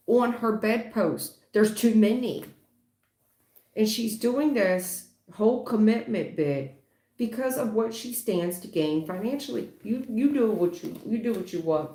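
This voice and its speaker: A woman's voice: mid-range voice, a little mellow. Blunt tarot reader woman, echoey room. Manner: blunt, emphatic, swears casually. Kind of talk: livestream tarot reading.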